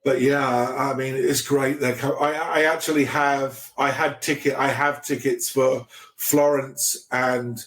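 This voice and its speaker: A man's voice: medium pitch, little pitch movement, a bit bright. A middle-aged man, a podcast guest, telling a story casually, often restarting his sentences with stammers. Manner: halting, with many restarts and stammers.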